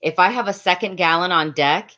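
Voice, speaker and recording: A woman from Latin America chatting loudly and quickly on a live stream, reading and answering viewers' comments with frequent laughs. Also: lowish voice, highs cut off. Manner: loud, fast, laughs often. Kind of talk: casual live-stream chat.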